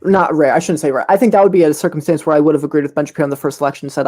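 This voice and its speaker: A man's voice: on the high side, racing, darkish tone. A man from the United States answering in an online debate, earnest and hesitant, often searching for words.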